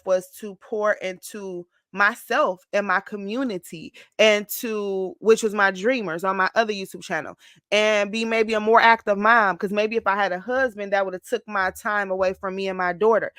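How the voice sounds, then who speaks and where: Expressive woman around forty, vlogging. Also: mid-range voice, no room sound. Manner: expressive, slips into mock-whiny voices when quoting her past self; emotional, close to tears at times. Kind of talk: casual confessional vlog.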